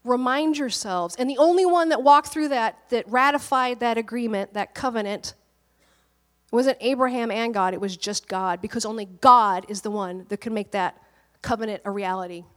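A woman's voice: on the high side, normal speed, long reverb tail. A woman pastor preaching in a conversational, storytelling way, often laughing as she talks. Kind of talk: conversational sermon.

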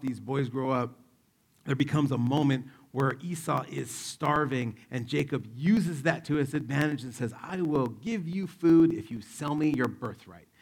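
A man's voice: medium pitch, gravelly, slightly rough. A male pastor preaching a sermon, retelling a Bible story in a casual, joking way and acting out the quotes.

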